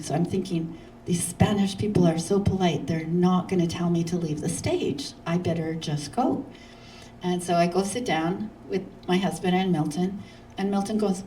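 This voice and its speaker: A woman guest speaker from Canada telling a lively story at a church, acting out other people's lines and laughing often. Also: on the low side, moderate pace, distant mic, a little hiss or hum, poor audio.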